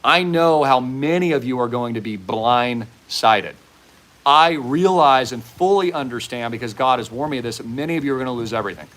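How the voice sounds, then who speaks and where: A man's voice: medium pitch, normal speed, a bit bright. A man hosting a commentary monologue, speaking in a fervent, preachy, raised voice. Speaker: host.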